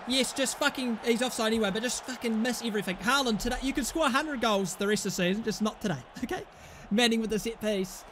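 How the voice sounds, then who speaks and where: A young man, commentating on his own football management game in an excitable, sweary way. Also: extremely high pitch, normal speed, a little hiss or hum. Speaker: gaming YouTuber.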